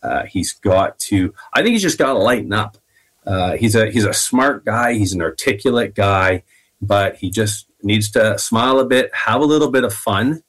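A man's voice: on the low side, expressive, moderate pace, fairly bright tone. A man, a city councillor, giving casual, hesitant comments with fillers. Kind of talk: interview clip.

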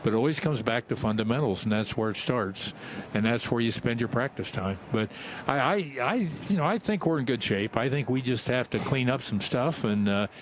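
A man with a middle-pitched voice answers as a football coach, measured and calm, often restarting his sentences. A faint ambience sits behind him. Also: a little hiss or hum. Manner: measured, hesitant starts. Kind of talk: interview answers.

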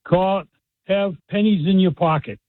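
A man's voice: high-pitched, unhurried, no echo. Boston-accented male caller on a phone line. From Massachusetts. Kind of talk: phone-in chat.

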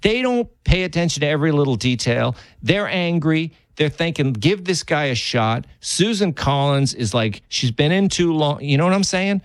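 A man co-hosting a casual political chat, talking in a rambling, animated way that jumps up in pitch when he stresses a point. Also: moderate pace, hardly any pauses, clean tone, no room sound. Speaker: co-host.

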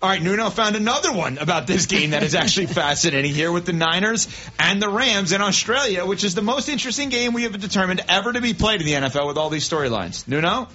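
A man's voice: sits high, quick pace, highs cut off, soft background music. A man co-hosting a sports talk show, joking around in casual banter. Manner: animated, joking. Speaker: sports radio co-host.

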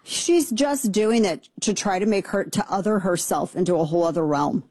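A woman hosting a talk radio show, mocking and sarcastic in rapid-fire opinionated commentary. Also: mid-range voice, darkish tone, no room sound.

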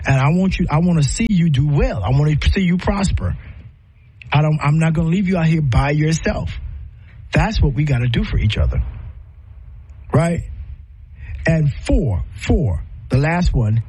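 A man's voice: on the high side, expressive, moderate pace, long pauses, warm tone, breathy edge. A man preaching a sermon in an earnest, repetitive style, speaking directly to his listeners.

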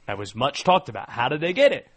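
A man hosting a sports talk radio show, punchy and lively. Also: medium pitch, quick pace, slightly rough.

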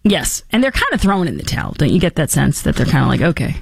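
A woman's voice: low voice, fast talker, gravelly, husky, no echo. Sarcastic woman political host, dry sound. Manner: sarcastic, animated, mocking asides. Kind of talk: opinionated political commentary.

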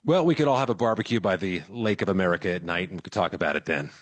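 A man who is a weekly news correspondent, giving measured, confident political analysis with a wry edge. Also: low voice, no echo. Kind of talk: political analysis on talk radio.

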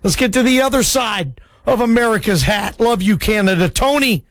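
A man hosting a call-in sports radio show, chatty and excitable, calling listeners bro. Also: high voice, moderate pace, no echo. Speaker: radio sports talk host.

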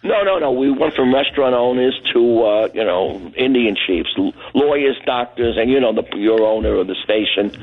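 Rambling New caller on a tinny phone line. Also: male voice, mid-range voice, expressive, moderate pace, hardly any pauses. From Brooklyn, New York. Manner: rambling, anecdotal, acts out other people's lines. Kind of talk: phone-in storytelling. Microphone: telephone.

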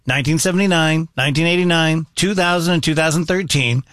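A man in his fifties co-hosting, sharing odd facts with a dry, deadpan humor. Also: on the high side, fast, dry recording. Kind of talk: casual radio banter.

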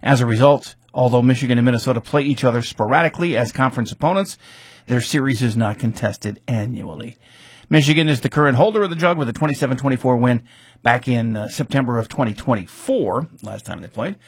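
A man's voice: medium pitch, fast, breathy edge, no room sound. A man recapping a football rivalry's history in casual talk, reading facts with offhand asides and fillers.

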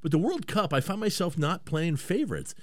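A man hosting a talk radio show, animated and rambling, often stammering and repeating words. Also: on the high side, fairly quick, no echo, studio quality. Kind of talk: casual talk radio banter.

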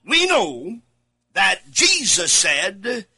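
A man preaching a studio sermon with a bright, piercing edge. He talks slowly and leans hard on key words, with lively swings in pitch. He jumps from shouted emphasis to quiet asides. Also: slightly rough. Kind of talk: studio sermon reading scripture. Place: studio, alone.

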